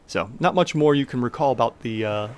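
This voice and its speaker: A man's voice: mid-range voice, animated, a little fast. A man narrating as game master, loose and rambling with many fillers.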